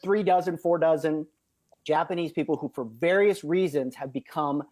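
Male guest, animated storyteller, fairly high voice, dry close sound. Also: moderate pace, dry recording. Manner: animated storyteller, acts out quotes. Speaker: filmmaker guest. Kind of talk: interview storytelling.

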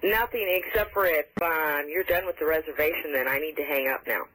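Over a tinny phone line, a woman working as a hotel reservations clerk speaks in a low, brisk, slightly bright voice. She stays polite and tries to keep it professional, though she keeps giggling.

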